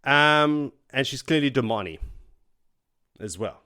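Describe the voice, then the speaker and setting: Lively man recapping a book. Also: medium pitch, smooth. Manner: animated, acts out characters in quick voices. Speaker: podcast co-host. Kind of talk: casual book discussion.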